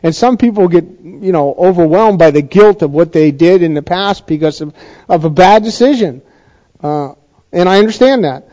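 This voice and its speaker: A middle-aged man preaching a conversational sermon, halting and restarting, with touches of dry sarcasm. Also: high-pitched, animated, warm tone. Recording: dull lo-fi recording.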